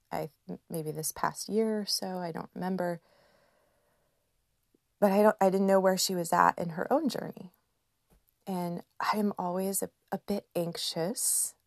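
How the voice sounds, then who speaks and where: A woman in her thirties hosting a podcast, speaking in a slow, gentle and emotional personal reflection with soft laughs. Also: fairly low pitch, creaky, no room sound, clean studio sound. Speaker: podcast host.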